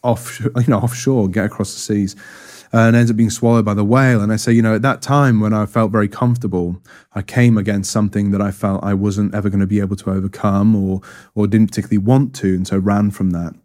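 A man's voice: lowish voice, fairly even intonation, fast talker, darkish tone. A man giving a reflective personal testimony in an interview, thoughtful and hesitant, with many fillers and restarts. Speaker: interview guest.

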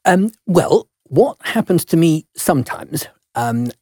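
A man's voice: fairly high pitch, expressive, slow, a little mellow, slightly rough, no echo, clean studio sound. An older man, a guest telling stories in a chatty, self-deprecating way in an interview. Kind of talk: relaxed storytelling in an interview.

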